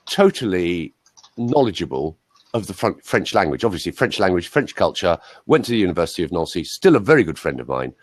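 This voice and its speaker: Deep-voiced and brisk, a man who coaches voices chats casually through animated, rambling anecdotes stuffed with asides. There's no echo on the recording.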